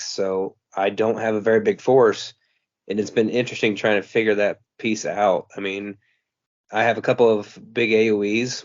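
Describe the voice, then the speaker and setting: An easygoing man chatting on a gaming podcast in a low, flat, steady voice. He talks in a matter-of-fact way. The sound is muffled and dry. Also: no echo. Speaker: podcast co-host. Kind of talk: casual chat about tabletop gaming.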